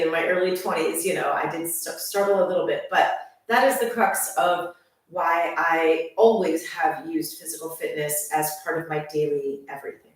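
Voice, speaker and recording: A woman's voice: fairly low pitch, recorded from a distance. A fitness instructor in her forties, chatting upbeat to viewers as her friends in a casual channel introduction. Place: room at home with workout gear. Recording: very echoey room, voice off-mic.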